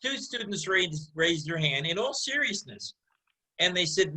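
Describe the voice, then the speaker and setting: A man with a high, bright voice leads a casual group discussion. He asks questions and calls on others in an animated, inviting way. He speaks over a video call. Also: unhurried, low-quality recording. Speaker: discussion leader and Hebrew teacher.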